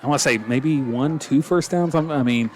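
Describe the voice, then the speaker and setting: A man calling a live high school football game play by play, quick and joking as he corrects himself. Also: a little hiss or hum. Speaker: play-by-play announcer.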